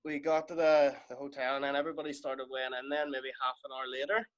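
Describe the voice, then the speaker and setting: Male wrestler, podcast guest, animated storyteller, mid-pitched voice. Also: fast talker, muffled recording. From Ireland. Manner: animated, lively anecdote telling with quoted exchanges. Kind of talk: casual storytelling.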